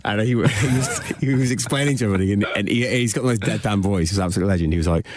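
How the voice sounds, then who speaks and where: A man's voice: on the low side, rapid-fire, noisy background. A man co-hosting a podcast, chatting earnestly and a little defensively, often stalling and restarting his sentences. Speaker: podcast co-host. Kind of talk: casual chat.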